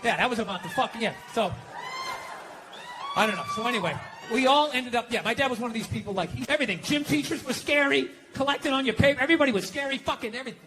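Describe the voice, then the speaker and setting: A man doing profane, exasperated stand-up comedy, ranting and acting out shouted confrontations. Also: very high-pitched, huge pitch swings, fast talker, noisy background. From United States.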